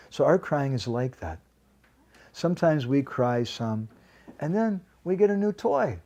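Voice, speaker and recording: A man's voice: medium pitch, lively intonation, unhurried, dark tone. A man giving a devotional lecture at a home program, telling a story and asking the audience questions.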